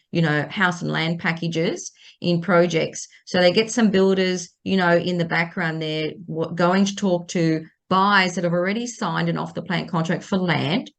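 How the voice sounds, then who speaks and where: A middle-aged woman, a lawyer giving advice on a podcast in an emphatic way, stressing and repeating her key points. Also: lowish voice. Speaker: property lawyer. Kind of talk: podcast legal advice chat.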